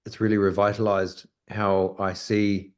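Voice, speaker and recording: A man's voice: fairly low pitch, level tone, measured pace, a little mellow. A man, a guest photographer talking on a video call, hesitant with many fillers and restarts. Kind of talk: casual video call discussion.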